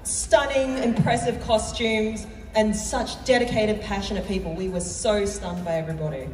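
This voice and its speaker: A woman's voice: medium pitch, steady tone, normal speed, a little mellow. Australian woman on a stage, echoing hall. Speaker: cosplay guest judge. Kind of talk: stage interview answers. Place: convention stage, large hall. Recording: roomy hall sound from far off with music.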